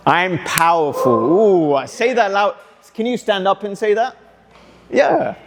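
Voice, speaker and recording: A man speaking as a motivational speaker to students, energetic, coaxing the audience with questions and call-and-response. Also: high voice, unhurried, background noise. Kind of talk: interactive talk to students. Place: school hall.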